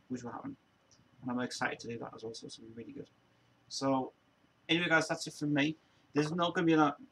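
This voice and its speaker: Man, live-stream host, rambling casual chat, mid pitch, faint background noise. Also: low-quality recording. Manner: rambling, mocking, laughs at his own impressions.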